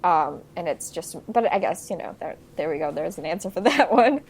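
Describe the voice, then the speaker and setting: Young woman, podcast co-host, chatty, lots of fillers, lowish voice, faint background hiss. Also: very animated, brisk. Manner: chatty, laughs often, recaps plot with many fillers. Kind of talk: casual movie discussion.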